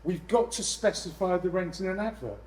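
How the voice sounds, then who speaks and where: A man presenting to a room of landlords, lively and jokey with exasperated asides. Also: high-pitched, brisk, slight background noise, poor audio. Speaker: letting agent speaking at a landlord event. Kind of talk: live seminar presentation.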